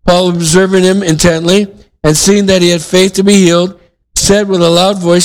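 A man's voice: high-pitched, level tone, normal speed, poor audio. A male pastor giving a sermon in a conversational way, with frequent restarts and asides to the congregation.

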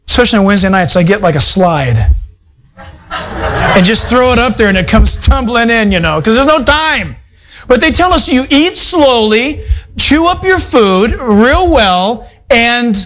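A man's voice: very high-pitched, a bit bright, poor audio. A male pastor preaching a sermon in a conversational, folksy way, full of asides to his congregation. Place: church fellowship hall.

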